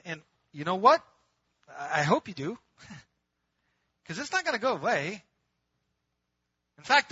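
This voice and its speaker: A man preaching a sermon to his congregation in a lively, conversational way, moving from loud emphatic bursts to quiet, intimate pleading. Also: on the high side, husky, dull audio. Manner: calls the congregation "gang", laughs between points. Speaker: pastor.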